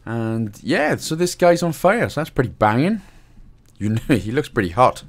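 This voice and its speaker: A man's voice: medium pitch, sing-song, moderate pace. A man with a Welsh accent giving a casual, jokey game walkthrough, swearing now and then. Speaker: gaming guide host.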